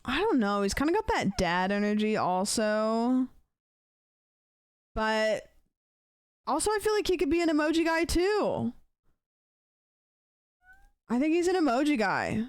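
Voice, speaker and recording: This is a casual chat in which a young adult woman streamer ranks how celebrities text, rambling, joking around, and cursing now and then. Her voice sits on the high side and is very animated, yet she speaks slowly with long pauses. The recording is clean studio audio with no room sound.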